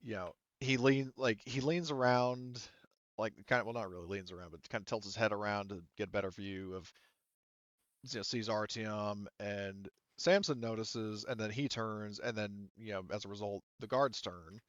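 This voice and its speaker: A man's voice: fairly low pitch, steady tone, moderate pace, dry recording, lo-fi sound. A man narrating a tabletop game as game master, rambling and hesitant with many fillers.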